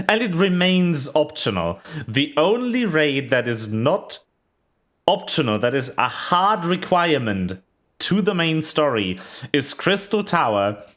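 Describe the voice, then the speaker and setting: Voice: medium pitch, sing-song, slow, fairly bright tone. A VTuber streamer giving rambling, chatty commentary while playing, full of fillers and small laughs. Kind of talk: casual game stream commentary.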